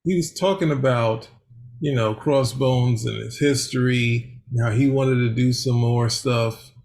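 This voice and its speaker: A man's voice: medium pitch, a little slow, a little mellow. A man co-hosting a podcast, rambling in casual chat with many hesitations. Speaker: podcast co-host.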